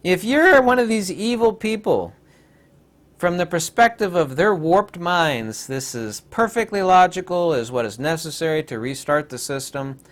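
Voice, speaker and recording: Animated man in a rambling sarcastic rant. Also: on the high side, moderate pace. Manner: sarcastic, digressive, mocking asides. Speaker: commentary video host. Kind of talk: rambling political commentary.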